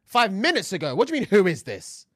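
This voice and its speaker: A lively man trading jokes on a podcast, his pitch sitting a touch high and swinging widely as he laughs and shouts. The sound is dry and close, with no room around it. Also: fast talker, no room sound. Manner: loud, laughing, animated. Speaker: podcast co-host. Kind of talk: casual podcast banter.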